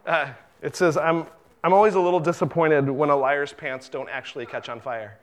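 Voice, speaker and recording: A middle-aged male pastor gives a sermon in an easygoing, talky manner, with a voice that sits a little high for a man. He restarts and repeats words, then throws himself into quoted lines. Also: steady tone, moderate pace.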